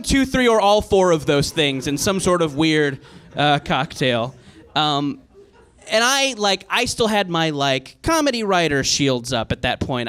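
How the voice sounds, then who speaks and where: A man's voice: a little high, a bit bright, clear, resonant tone. A man in his thirties telling a comic story on stage at a live show, rambling and self-mocking with many fillers. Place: live show venue with audience.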